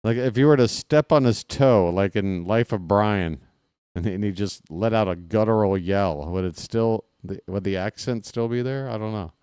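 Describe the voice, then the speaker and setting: A play-by-play streamer calls a live baseball game for his channel, blending the action with rambling jokes and viewer chat. His voice is low-leaning, smooth, and darkish, at a moderate pace, recorded with studio quality and no echo.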